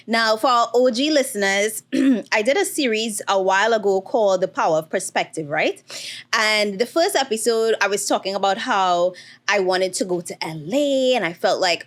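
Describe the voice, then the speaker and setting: A woman's voice: medium pitch, fairly bright tone. Chatty woman podcast host, holding back tears. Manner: candid, chatty, emotional with frequent fillers. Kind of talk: casual solo podcast monologue.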